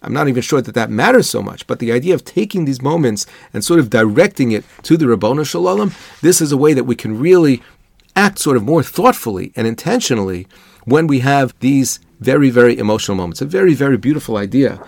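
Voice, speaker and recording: A man delivers a Torah lesson in a slightly gravelly, mid-pitched voice. He speaks earnestly and thoughtfully, moving easily between English and Hebrew terms. The recording is dry and close, with no room sound. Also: expressive, quick pace, darkish tone, dry recording. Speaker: rabbi giving a Torah lesson. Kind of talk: Torah lecture, explanatory.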